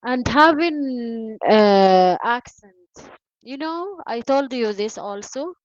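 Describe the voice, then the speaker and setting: A woman whose first language is not English, teaching an online English class by video call, encouraging and filling pauses with "you know" and "uh". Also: fairly high pitch, expressive, no echo. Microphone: video call mic. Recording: dull lo-fi video call audio.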